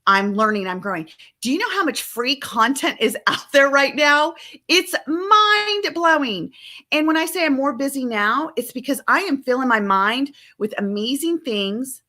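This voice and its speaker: A woman talking as a family coach in a live-stream conversation, emphatic and animated, often acting out quoted family dialogue over a video call. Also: high voice, moderate pace.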